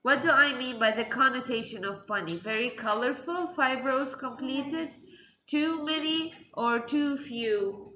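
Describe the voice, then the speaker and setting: A woman's voice: high voice, a little slow, pushed and bright, reverberant, highs cut off. A woman teaching a classroom lesson, quizzing her pupils and repeating their answers back to them.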